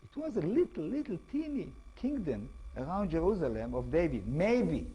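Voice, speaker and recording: A man with an Israeli accent lecturing as an author, speaking halting English and often checking in with tag questions. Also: a little high, very animated, warm tone, husky, poor audio. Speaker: author giving a talk. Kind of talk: lecture to an audience.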